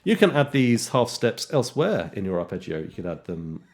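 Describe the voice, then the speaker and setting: A man teaching jazz guitar in a relaxed way, counting beats aloud and scatting rhythms. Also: on the low side, normal speed. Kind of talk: casual instructional talk with counting and scatting. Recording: guitar playing underneath speech. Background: loud guitar music.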